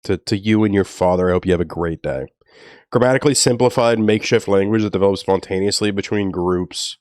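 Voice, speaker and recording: A man's voice: sits low, fairly quick, darkish tone, no room sound, studio quality. A man from New Orleans chatting casually on a stream, rambling and laughing often as he tells stories. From New Orleans, Louisiana. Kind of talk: casual chat.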